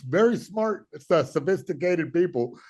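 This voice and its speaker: Male guest, high and animated, sarcastic quipper. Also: moderate pace. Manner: sarcastic, teasing quips. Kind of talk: casual podcast chat.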